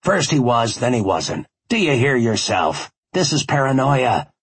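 A man's voice: medium pitch, big pitch swings, measured pace, slightly rough, no room sound. A man reading an audiobook, voicing an irritated, suspicious police detective who scolds and uses sarcasm. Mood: scolding. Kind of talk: audiobook character voice.

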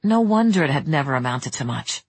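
An audiobook narrator reading a romance in a measured, even way, close to the mic. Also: mid-range voice, breathy edge, no room sound. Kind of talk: scripted narration.

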